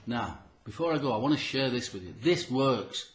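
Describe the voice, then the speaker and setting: Fast and animated, a medium-pitched man delivers a motivational talk to camera for his health vlog. The room echoes, and he's audibly short of breath as he speaks earnestly and emphatically, repeating himself for effect.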